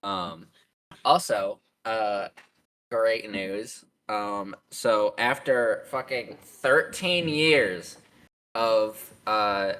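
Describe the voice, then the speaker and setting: A man's voice: on the low side, very slow, pushed and bright, low-quality recording. A young man hosting a casual podcast chat, who rambles with lots of fillers, swearing and frequent laughter. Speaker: podcast host.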